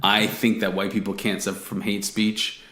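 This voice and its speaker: A man's voice: lowish voice, level tone, moderate pace, bright, forceful tone, reverberant. A man co-hosting a podcast in casual chat, ranting bluntly with lots of swearing. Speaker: podcast co-host.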